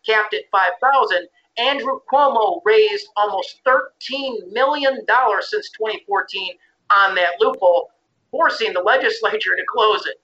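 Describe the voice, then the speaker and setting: A man, a founder appearing as an interview guest, speaking in a brisk, matter-of-fact way. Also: sits high, pushed and bright, highs cut off.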